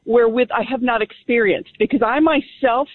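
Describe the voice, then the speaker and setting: A woman calling in to a radio show, speaking firmly and with deep conviction. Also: normal speed. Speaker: caller. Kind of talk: call-in talk radio. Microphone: telephone. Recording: tinny phone line.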